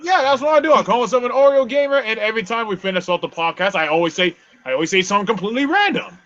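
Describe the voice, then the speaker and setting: A man's voice: high voice, animated, racing, fairly bright tone. A man on a casual gaming podcast, playful and mock threatening. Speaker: podcast co-host. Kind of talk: casual group chat. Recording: dull lo-fi mic.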